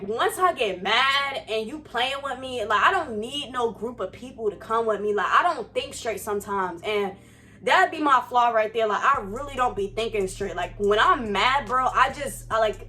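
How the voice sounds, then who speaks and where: A young woman telling a storytime on her vlog, animated and profane, full of slang and fired-up asides. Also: a little high, normal speed. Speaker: vlogger. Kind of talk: casual storytime. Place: Florida.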